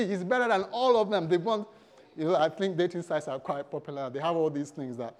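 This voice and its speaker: A male pastor preaching a sermon in a church service, humorous and animated, calling out to the congregation. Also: a little high, brisk.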